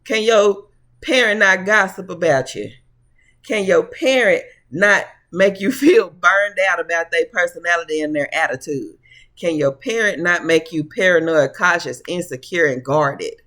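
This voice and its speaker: A man's voice: high voice, lively intonation, measured pace, pushed and bright. A man giving a casual tarot reading to camera in a sassy, preachy way. He calls his listeners honey and baby and laughs often. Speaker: tarot reader.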